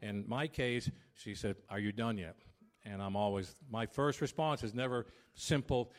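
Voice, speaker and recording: A pastor in his fifties delivers a sermon at normal speed in a mid-range voice. He's habitually loud and brings household arguments to life through animated storytelling.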